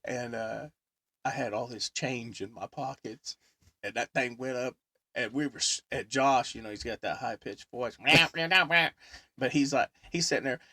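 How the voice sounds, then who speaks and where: A man hosting a podcast in casual chat, telling animated, rambling stories full of fillers. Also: medium pitch, normal speed, husky, dry recording, studio quality. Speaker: podcast host.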